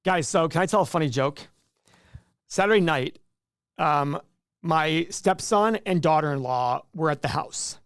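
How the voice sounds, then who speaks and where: A man hosting a casual live stream, talking in a loose, joking way and often stopping to restart a sentence. His voice sits a little high. The sound is dry and close, with almost no room echo. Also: measured pace, smooth. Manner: chatty, jokey, self-interrupting. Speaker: livestream host. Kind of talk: casual livestream chat.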